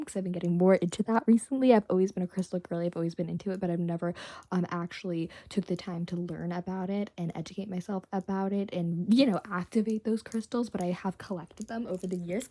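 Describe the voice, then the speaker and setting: A young woman vlogging from her bedroom, chatting and unboxing in a rambling, bubbly way, dropping to whispers and jumping to excited squeals. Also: on the low side. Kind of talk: casual vlog chat and unboxing.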